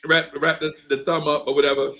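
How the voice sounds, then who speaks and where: A man's voice: a little high, flat delivery, fairly quick, bright, forceful tone, a little hiss or hum. A man in his fifties telling a story in a laid-back podcast chat, laughing often and asking "right?" after his points. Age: 50s. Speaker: podcast co-host. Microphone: streamed podcast mic.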